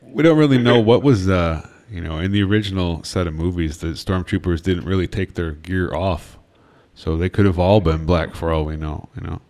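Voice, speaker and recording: Deep voiced guy on a podcast, rambles with lots of uh and you know. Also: moderate pace, a little mellow. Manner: rambling, lots of fillers and restarts. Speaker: podcast co-host. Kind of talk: casual chat.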